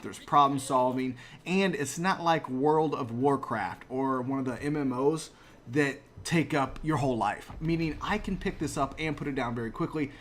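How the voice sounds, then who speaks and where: In his late thirties, this gaming channel host gives chatty, motivational commentary on a video game he's playing, often laughing at himself. His medium-pitched voice moves at a moderate pace with a slightly bright edge, over slight background noise.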